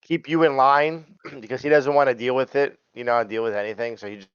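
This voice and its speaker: A man's voice: medium pitch, steady tone, brisk, smooth, no echo. Male tabletop player, loose chatty talk, dull dry audio. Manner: chatty, loose, many restarts. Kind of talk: tabletop game play.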